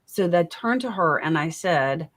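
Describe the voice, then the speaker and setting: A woman's voice: lowish voice, expressive, a little slow. A middle-aged woman, a guest in a casual interview, telling a long personal story in a rambling, self-interrupting way, often apologizing for talking too much.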